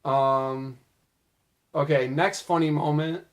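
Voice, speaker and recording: A young man talks through his favorite scenes in a casual, chatty way. His voice sits a little high for a man and sounds slightly worn and strained. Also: takes it slowly. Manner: casual, chatty, quoting lines in lively put-on voices. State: losing his voice. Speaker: video host recounting show moments. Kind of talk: casual narrated recap.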